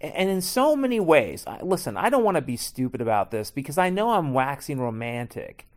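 A middle-aged man ranting in a profane, rambling, sarcastic comedic monologue. His pitch swings widely as he jumps from muttering asides to loud outbursts. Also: sing-song, a little fast.

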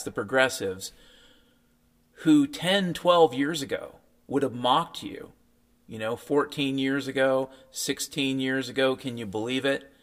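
A man hosting a podcast delivers a sardonic, profane rant, mocking what other people tell him. His voice is medium-pitched and a bit bright, with faint piano music in the background.

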